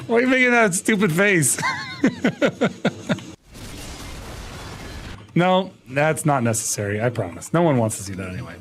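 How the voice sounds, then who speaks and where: High-voiced playful male streamer. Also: wildly swooping pitch, takes it slowly, long pauses. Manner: playful, mock-indignant protesting, laughing often. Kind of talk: casual live game stream chat.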